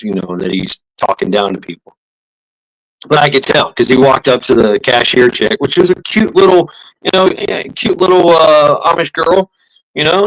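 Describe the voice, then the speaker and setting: A male live streamer with a mid-range voice tells a rambling, casual story full of swearing, laughter, fillers, and restarted sentences. The recording is rough.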